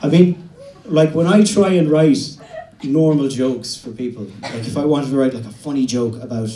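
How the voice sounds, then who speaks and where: A young man from the west of Ireland with an Irish accent, doing a stand-up set in a halting, deadpan way with many restarts. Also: medium pitch. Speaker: stand-up comedian. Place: comedy venue stage. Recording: roomy venue recording from a distance.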